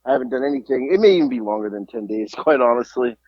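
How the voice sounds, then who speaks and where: A man co-hosting a podcast, sounding stuffy from allergies and rambling through animated stories in casual chat. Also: medium pitch, quick pace, no echo, muffled recording. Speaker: podcast co-host. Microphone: podcast mic.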